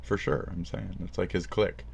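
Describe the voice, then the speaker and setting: A man livestreaming a profane, sarcastic rant, jumping from loud outbursts to low mumbles. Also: steady tone, fairly quick, vocal fry, highs cut off, slight background noise. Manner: profane, sarcastic, swings between shouting and mumbling. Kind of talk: casual stream rant.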